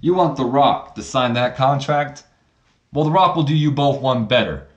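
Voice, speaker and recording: A man putting on a cocky wrestler who boasts in slow, drawn-out lines. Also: mid-range voice, lively intonation, muffled recording, voice pushed up, natural voice. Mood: smug. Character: cocky arrogant male wrestler talking in third person.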